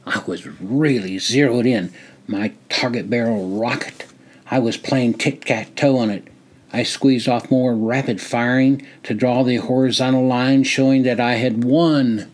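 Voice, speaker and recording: An older man narrating his own memoir in a measured, plain storytelling voice. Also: medium pitch. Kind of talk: reading a personal memoir.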